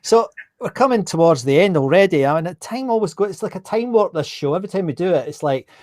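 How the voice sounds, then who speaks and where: A man with a Scottish accent hosting a live online interview, chatty and quick to laugh, often repeating his words. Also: sits high, expressive, a little mellow. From Scotland. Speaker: host.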